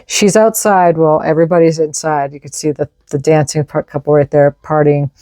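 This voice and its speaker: Woman, tarot reader, enthusiastic casual talk, warm low voice. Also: steady tone, moderate pace, no room sound. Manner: enthusiastic, reads card messages aloud.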